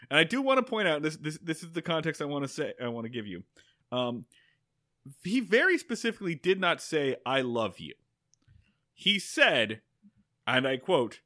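A young adult man co-hosting a casual podcast chat, animated and quick to quote lines and joke about them. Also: on the high side. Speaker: podcast co-host.

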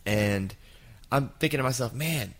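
A man in his fifties hosting a casual chat, telling an anecdote with lively jumps into quoted voices. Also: mid-range voice, normal speed. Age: 50s.

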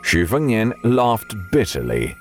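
A man narrating an audiobook with measured storytelling and faint music behind. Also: fairly low pitch, wildly swooping pitch.

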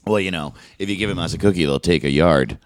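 A man co-hosting a comedy podcast, tossing out deadpan absurd jokes in casual chat. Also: low voice, fast, no room sound. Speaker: podcast co-host.

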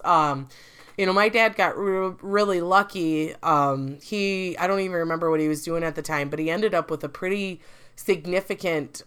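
A woman's voice: on the low side, a bit bright, clean tone. A woman hosting a casual podcast chat, telling stories in a chatty way and often laughing. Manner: chatty storyteller, laughs often, acts out quotes.

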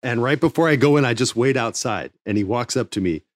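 A man, a former wrestling TV writer, telling a casual backstage story with lively acted-out quotes and free swearing. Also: mid-range voice, a little fast, no room sound, studio quality. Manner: animated, swears freely, acts out quotes.

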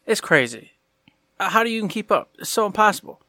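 A man's voice: high-pitched, sing-song, fast, pushed and bright, no room sound, clean studio sound. A man co-hosting a gaming podcast, chatting in a playful, goofy and enthusiastic way. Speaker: podcast co-host. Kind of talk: casual gaming podcast chat.

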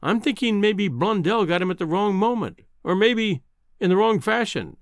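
A man voicing a brisk older male newspaper news editor, dry and clipped with a teasing edge. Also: high-pitched, lively intonation, dry recording, voice pushed up. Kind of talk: audiobook character reading.

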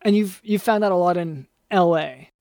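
A man co-hosting an improvised comedy podcast as a doctor, with a gravelly voice and a hesitant, rambling way of talking full of restarts. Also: sits high, moderate pace, a little mellow, dry recording, studio quality. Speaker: podcast co-host playing a doctor.

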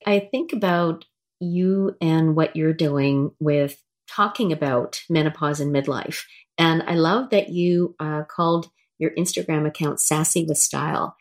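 A woman's voice: low voice, steady tone, measured pace. A middle-aged woman hosting a casual interview, telling stories in a chatty way with many restarts. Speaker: host.

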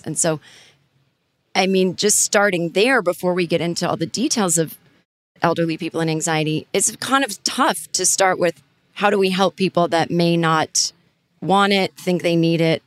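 A woman's voice: fairly low pitch, fairly quick, no room sound. A woman hosting a podcast, chatting informally and thinking aloud with plenty of fillers. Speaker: podcast host. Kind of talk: casual conversational interviewing.

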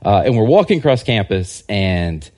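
A man, a historian and scholar, giving a casual podcast interview and telling rambling, animated anecdotes. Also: lowish voice, moderate pace. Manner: rambling, animated anecdotes that act out quoted people. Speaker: guest historian and religious scholar.

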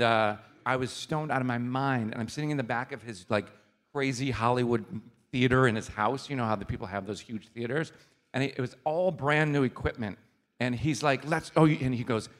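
A man hosts a relaxed interview, his voice bright and forward. He tells stories with lots of energy, breaking into laughter often and dropping the odd swear word. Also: medium pitch. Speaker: podcast host. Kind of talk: casual interview chat.

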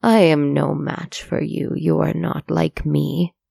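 Narrator doing a cold demon, gravelly and flat, real measured, super dry close sound. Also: mid-range voice, dry recording, heavily acted. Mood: solemn. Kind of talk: storybook narration with voiced dialogue.

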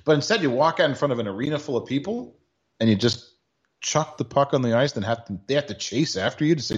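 Husky guy cohosting a sports podcast, sarcastic and lively, kinda dull lo-fi sound. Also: mid-range voice, fast talker. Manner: sarcastic, mock-formal award delivery. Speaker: podcast co-host. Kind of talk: casual sports podcast banter.

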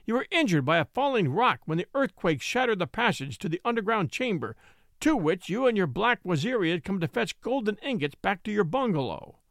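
A man's voice: sits high, sing-song, fairly quick, fairly bright tone, no room sound, clean studio sound, full character voice. A man doing a terrified pleading thief. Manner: pleading, desperate. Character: frightened male Belgian thief, adult.

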